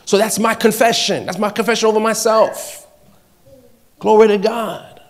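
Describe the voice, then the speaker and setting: Emphatic preacher man with a raised pitch. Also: steady tone, moderate pace. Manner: emphatic, repeats key phrases, swings between quiet and loud. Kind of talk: sermon.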